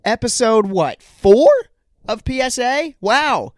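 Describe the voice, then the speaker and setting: A man's voice: extremely high pitch, expressive, slow pace, no echo. Rambling young man hosting a podcast, dry close mic. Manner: rambling, self-deprecating, jokey. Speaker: podcast host. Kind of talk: solo podcast monologue.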